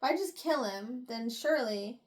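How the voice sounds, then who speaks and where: A woman's voice: fairly high pitch, lively intonation, moderate pace. A young woman chatting casually as she retells a novel's chapters, filling her talk with "like" and "you know" between laughs and sighs. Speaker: book reviewer. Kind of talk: casual chat, retelling a book.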